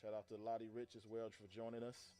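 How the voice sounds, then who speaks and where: A man hosting an online radio talk show, relaxed and chatty, often repeating words as he thinks. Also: lowish voice, a little fast, faint music behind. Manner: laid-back, repeats words while thinking. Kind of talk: casual talk show chat.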